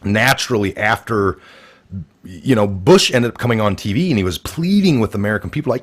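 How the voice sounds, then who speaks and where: A man's voice: on the low side, animated, brisk. A man hosting a casual political talk show, rambling with many fillers and restarts and acting out quoted people in a raised voice. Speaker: podcast host.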